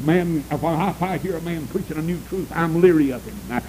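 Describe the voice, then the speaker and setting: This preacher is brisk and warm-toned as he delivers a fiery sermon, emphatic and swooping in pitch while calling out for the congregation's amens. The rough recording carries a little hiss or hum.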